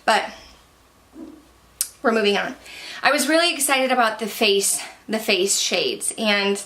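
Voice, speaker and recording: Bright-voiced young woman vlogger. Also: fairly high pitch, slow, long pauses. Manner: candid, chatty, disappointed tone. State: slightly out of breath. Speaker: beauty vlogger. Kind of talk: casual product review.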